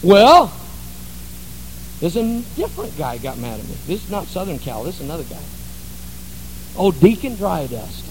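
A man's voice: on the high side, sing-song, moderate pace, pauses often, slight background noise, poor audio. A man pastor preaching a sermon in a church, telling stories in a folksy, conversational way. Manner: folksy storytelling.

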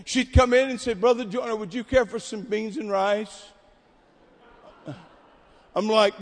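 A man preaching a sermon at a camp meeting, telling stories and building to shouted exhortation. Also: high-pitched, steady tone, a little slow, pauses often. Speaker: pastor. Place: large hall at a camp meeting. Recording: long hall reverb.

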